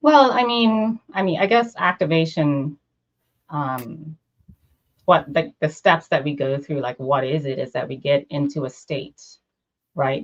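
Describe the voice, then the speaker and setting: A woman's voice: deep voice, dull audio. A woman co-hosting a casual conversation on a video call, affirming and enthusiastic.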